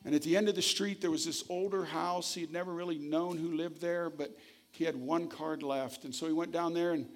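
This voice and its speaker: A man's voice: on the high side, steady tone, fairly quick. A man preaching a sermon, telling a story and then reading scripture, earnest and emphatic. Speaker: pastor.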